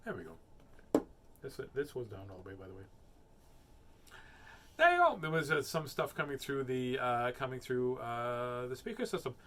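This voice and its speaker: Animated middle-aged man reading storybooks. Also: medium pitch, normal speed, long pauses, background noise. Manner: animated, playful. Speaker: host of a nightly reading livestream. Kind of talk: reading a picture book aloud and chatting.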